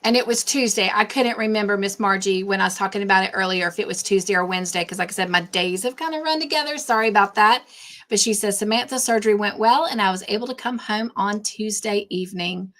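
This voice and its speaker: A woman hosting a casual live stream, warmly greeting chat viewers by name and chatting between tasks. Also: mid-range voice, fairly even intonation, quick pace. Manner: warm, effusive greetings to chat viewers, easily sidetracked. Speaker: livestream host.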